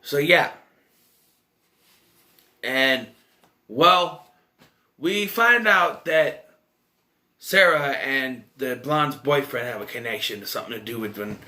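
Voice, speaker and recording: A man's voice: mid-range voice, a little slow, pauses often, pushed and bright. A young man casually reviewing a movie, rambling and incredulous, firing off rhetorical questions and restarting sentences.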